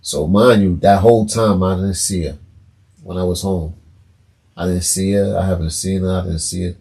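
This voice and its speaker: Podcast guest, middle-aged New man with a gravelly, mellow low voice, an animated storyteller. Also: normal speed. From New York. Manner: animated storyteller acting out quoted dialogue. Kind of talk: casual storytelling.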